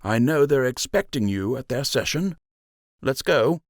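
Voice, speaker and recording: A man voicing a strong, calm male white rabbit who speaks firmly. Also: medium pitch, unhurried, no room sound, studio quality, pitched above the performer's own voice. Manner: calm, firm.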